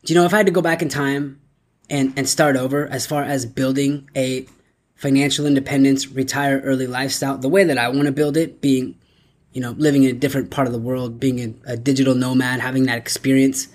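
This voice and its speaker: A man's voice: mid-range voice, fairly quick. Upbeat man hosting a finance podcast. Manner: upbeat, energetic, with filler "right?". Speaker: podcast host. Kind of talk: solo motivational podcast talk.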